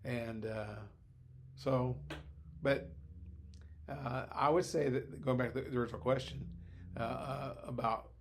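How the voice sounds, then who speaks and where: A man's voice: mid-range voice, steady tone, measured pace, pauses often, a little hiss or hum. An older man, a former teacher, speaking as a podcast guest in a thoughtful, rambling way with many hesitations. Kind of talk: conversational podcast discussion.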